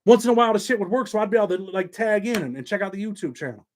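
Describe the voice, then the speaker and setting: A man's voice: high voice, animated, very fast. A middle-aged man hosting his own channel, talking to viewers in a blunt, streetwise and profane way. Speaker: YouTube channel host. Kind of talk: casual monologue to viewers.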